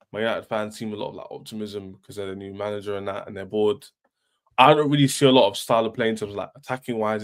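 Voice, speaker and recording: A man hosting a casual football debate, talking in a slangy, laid-back way. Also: lowish voice. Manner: slangy, laid-back London street talk. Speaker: podcast host.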